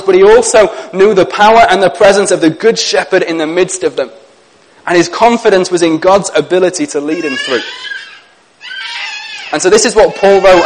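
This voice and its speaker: A pastor delivers an earnest sermon in a high, gentle voice. He speaks warmly to his listeners and slows down to let scripture land, his voice softening as he reads. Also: slight background noise, low-quality recording.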